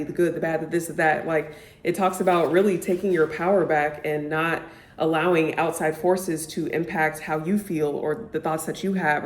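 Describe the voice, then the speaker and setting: A woman's voice: low voice, darkish tone. A young woman vlogger chatting casually about books she loves, gushing and peppering her talk with "like". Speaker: book vlogger. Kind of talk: casual chat to camera. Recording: echoey room.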